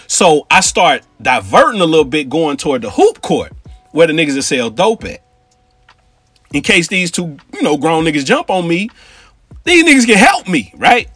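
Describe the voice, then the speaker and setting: A man from Cincinnati spins a story in a husky, slightly raised voice, his pitch bouncing with animated energy. He talks in street slang and turns to his listeners with asides. The sound is dry and close, with faint music behind. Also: no room sound. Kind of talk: casual storytelling.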